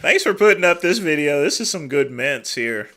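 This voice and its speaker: A man's voice: fairly high pitch, animated, moderate pace, fairly bright tone. A man from the United States hosting a livestream, giving amused, chatty commentary on a video he is watching. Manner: amused, chatty, laughs along. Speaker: livestream host reacting to a video. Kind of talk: casual reaction commentary.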